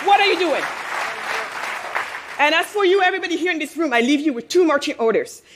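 A woman with a high voice speaks to a live audience in a room. She delivers a passionate speech as a business owner, throwing out rhetorical questions and pausing to let points land. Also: expressive, a loud crowd, very noisy. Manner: emphatic, with pauses for effect.

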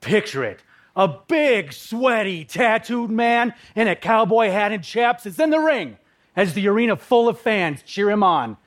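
A man with a slightly high voice tells his own story on stage. He paints scenes vividly and leans on dramatic pauses. He comes from the upper Midwest. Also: big pitch swings, fairly bright tone. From Minnesota, USA. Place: live talk on a stage.

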